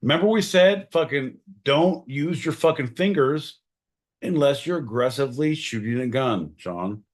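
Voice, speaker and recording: Rowdy male podcast host, foul-mouthed, very animated delivery, mid pitch. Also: normal speed. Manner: profane, loud, swings from shouting to mumbling. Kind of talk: crude comedic banter.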